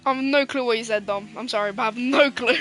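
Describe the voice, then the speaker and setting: Giggly woman doing sim race commentary, high bright voice, dry sound, sweary banter. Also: fast, a little hiss or hum. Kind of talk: casual live race commentary.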